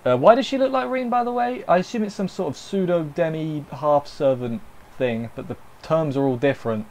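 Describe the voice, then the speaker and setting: A man's voice: on the high side, brisk, darkish tone. A man giving a casual, unscripted anime review, rambling with jokey asides and correcting himself as he goes.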